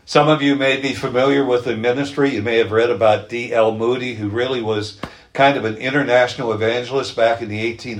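A man preaching a sermon, telling illustrative stories in an earnest manner and slowing down on key phrases. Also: mid-range voice. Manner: earnest storytelling, slows down for emphasis.

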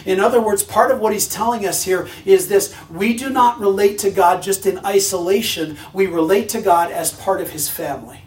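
A man preaching a sermon with a high voice, driving his points home through repetition and questions to the listeners. His voice carries the roomy sound of a church sanctuary, picked up from a distance. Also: normal speed, few pauses. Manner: emphatic, repeats phrases for stress, asks the congregation questions. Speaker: pastor.

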